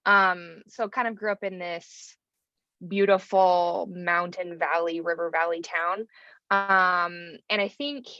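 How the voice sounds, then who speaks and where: A woman's voice: fairly low pitch, steady tone, slow pace, bright, forceful tone, no room sound, highs cut off. A woman in her thirties from rural Idaho, a pastor talking casually in an interview, with lots of fillers. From rural North Idaho, USA. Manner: chatty, many fillers and "like". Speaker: pastor and theologian, guest.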